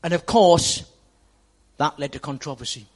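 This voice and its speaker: High-voiced man preaching with emphatic repetition. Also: moderate pace. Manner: emphatic, repeats words, addresses the congregation directly. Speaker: pastor. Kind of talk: sermon. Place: church.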